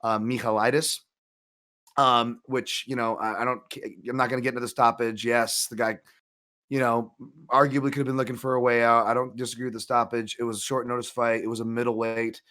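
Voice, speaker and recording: A man co-hosts a fight betting show in relaxed, rambling chat. He circles back on his points, restarts sentences and drops asides as he goes. His voice sits at an ordinary middle pitch. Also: brisk. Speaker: co-host, MMA analyst. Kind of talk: casual betting analysis chat.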